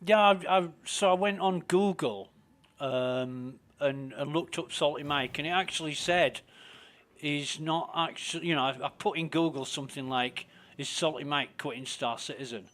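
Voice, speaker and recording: A man's voice: a little high, moderate pace, a bit bright. A man ranting casually and with lots of profanity while he plays a game and talks to his stream. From Britain. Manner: profane, indignant, rambling.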